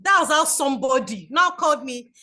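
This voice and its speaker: A Nigerian woman in her forties giving an online talk to a community group, chatty and animated, telling stories over a video call. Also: sits high, brisk. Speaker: guest speaker.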